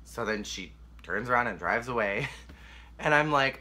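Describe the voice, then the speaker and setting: Bright-voiced young man telling a personal story. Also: mid-range voice, lively intonation, unhurried. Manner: candid, emotional, rambling with many likes. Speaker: vlogger.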